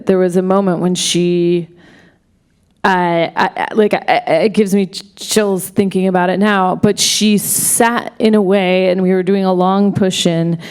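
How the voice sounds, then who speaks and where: Woman, film director, live panel Q&A, lowish voice, halting restarts, excited tumbling stories. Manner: halting, full of restarts and self-corrections. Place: stage at a film festival event.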